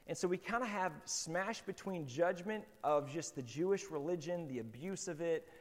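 A male pastor gives a sermon in a casual, chatty manner, full of "like" and "kind of". His voice sits a little higher than most men's. The sound carries a long reverb from a church hall. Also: lively intonation, moderate pace. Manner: casual, conversational preaching with many fillers.

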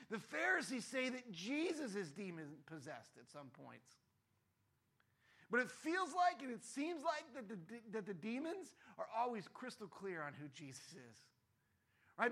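A man preaching a sermon in a conversational, animated way, often checking in with the congregation. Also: very high voice. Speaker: pastor.

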